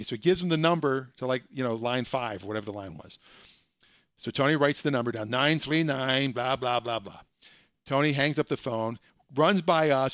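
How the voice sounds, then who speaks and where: A man's voice: mid-range voice, lively intonation, moderate pace, a bit bright, no echo, muffled recording. A man hosting a live stream from home at his computer, telling a story with joking asides. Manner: chatty, self-deprecating, joking asides. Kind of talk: casual storytelling.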